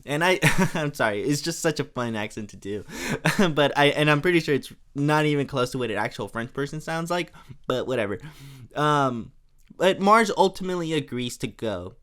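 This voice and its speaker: A man's voice: on the high side, lively intonation, moderate pace, fairly bright tone, smooth. A young man hosting a podcast, recapping an episode in a casual, rambling, chatty way with plenty of fillers. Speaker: podcast host.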